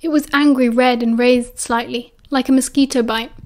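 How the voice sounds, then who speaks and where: A woman with a British accent narrating an audiobook in a calm, even storytelling manner. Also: a little high, moderate pace.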